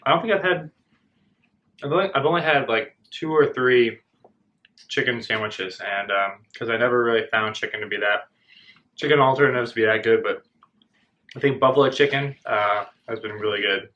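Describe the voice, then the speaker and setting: A man with an ordinary mid-range voice chats between bites at a home table. He is relaxed and hesitant, filling his pauses with ums and uhs. The camera-mic recording sounds dull. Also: medium pitch. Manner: relaxed, hesitant, many fillers. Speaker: co-host, guest on the vlog. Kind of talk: casual mukbang chat.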